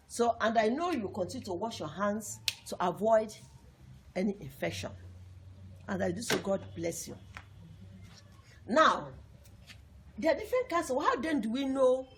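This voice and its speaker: A woman's voice: fairly high pitch, a little hiss or hum. Woman teacher, repetitive and emphatic. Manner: repetitive, emphatic, asks the class questions. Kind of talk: classroom lesson to young pupils.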